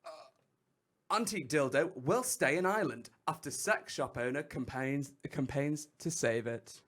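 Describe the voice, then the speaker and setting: A man's voice: on the high side, animated, a little slow, a bit bright. A man co-hosting a casual comedy podcast, reading news items aloud and laughing easily. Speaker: podcast co-host.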